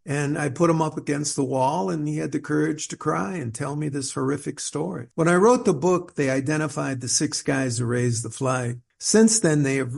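Middle-aged guy, gravelly kinda high voice, rambly storyteller in an interview, keeps restarting. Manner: rambling, repeats words and restarts, animated when quoting others. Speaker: author interviewed as guest.

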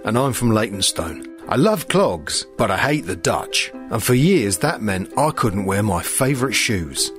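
A man's voice: fairly low pitch, very animated, a little slow, soft background music. An actor playing an aggrieved, blustering man giving a testimonial in a spoof advert.

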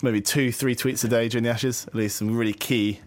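A man's voice: medium pitch, steady tone, fairly quick. A man co-hosting a podcast in casual chat, easygoing and wry, laughing along with his partner. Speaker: podcast co-host.

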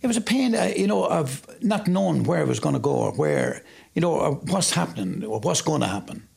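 An Irish man telling his life story in an interview, animated when he acts out what he said back then. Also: fairly high pitch, a little fast. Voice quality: gravelly and husky. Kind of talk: personal testimony.

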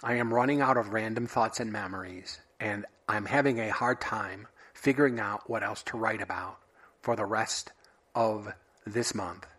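A man hosting a solo podcast, sharing random thoughts in a wry, offhand, deadpan way. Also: lowish voice, normal speed, breathy edge. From United States. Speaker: podcast host.

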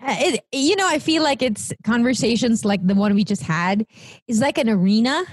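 Emotional Filipina woman, high voice. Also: lively intonation, brisk, no room sound. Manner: earnest, emotional and tearful, laughing often. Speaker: podcast co-host. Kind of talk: casual chat mixing English and Tagalog. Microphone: video call.

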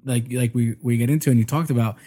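A man in his thirties telling family stories in casual, animated conversation, swearing freely. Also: mid-range voice, quick pace. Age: 30s.

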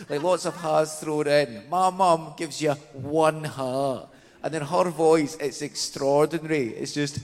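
A man's voice: on the high side, normal speed. A man with a Glaswegian accent doing chatty, self-mocking live stand-up on a theatre stage. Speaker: stand-up comedian. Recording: reverberant live theatre, faint noise.

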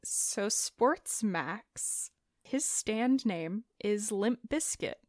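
A woman co-hosting a podcast in casual chat. She builds her stories slowly and deliberately and keeps breaking into laughter. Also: mid-range voice, animated, darkish tone, no echo, clean studio sound. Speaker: podcast co-host.

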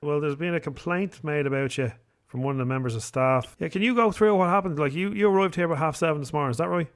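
A man's voice: a little high, quick pace. A man hosting a radio prank call, asking questions in a mock-official tone.

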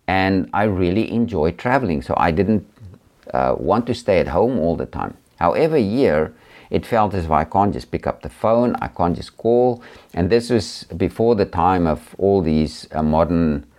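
Deep-voiced South African preacher. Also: male voice, animated, moderate pace. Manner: earnest, gentle, with many hesitations. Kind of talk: personal testimony talk.

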